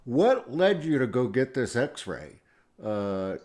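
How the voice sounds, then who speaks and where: A man's voice: medium pitch, big pitch swings, slow pace, darkish tone. A man hosting an interview who asks his guest questions in a folksy, conversational way.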